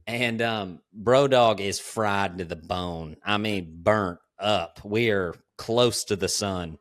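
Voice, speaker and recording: A man, hosting a podcast and telling ranch stories in a relaxed, drawling way, laughing often. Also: fairly low pitch, slow pace. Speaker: podcast host. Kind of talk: casual storytelling chat.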